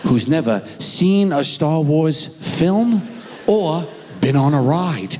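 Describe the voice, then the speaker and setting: A middle-aged man performing a stand-up comedy routine, telling a story with animated delivery and acted-out voices. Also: fairly high pitch, slow pace, in a large hall, soft background music.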